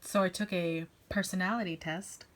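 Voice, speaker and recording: A woman's voice: on the low side, fairly even intonation, moderate pace. A woman vlogging in casual chat, rambling with restarts and repeating herself as she talks about feeling stressed. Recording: noisy background with car sounds.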